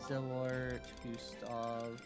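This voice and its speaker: A man's voice: medium pitch, monotone, very slow, music in the background. A man from the southeastern United States with a light Southern accent, chatting casually and grumbling while streaming a game and answering chat.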